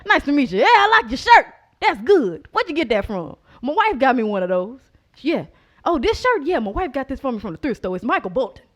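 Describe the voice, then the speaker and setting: A loud, good-natured country father, middle-aged and full of hearty small talk. His voice rides up high and booms out, as a woman imitates him. He sounds thrilled to meet everyone. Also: sing-song, brisk. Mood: boisterous.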